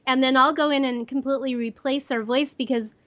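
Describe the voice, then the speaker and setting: A woman in her sixties, a voice actor with a squeaky voice, chatting casually and laughing easily as an interview guest. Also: steady tone, a little fast, fairly bright tone, no room sound.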